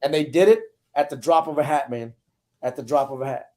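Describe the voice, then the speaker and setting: A man's voice: medium pitch, a little fast, warm tone. A man, a retired sergeant major, talking earnestly and profanely in casual chat.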